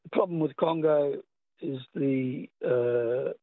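A man's voice: medium pitch, slow, no echo. A man with an Australian accent calling in to a radio show, rambling and hesitant. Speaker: caller. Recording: tinny phone line.

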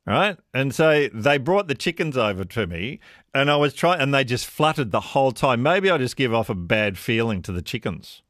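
A man's voice: mid-range voice, lively intonation, normal speed, a bit bright, dry recording, studio quality. A man hosting a talkback radio show, chatty and jokey, often laughing at himself. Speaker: radio host. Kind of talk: casual talkback radio chat. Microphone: studio microphone.

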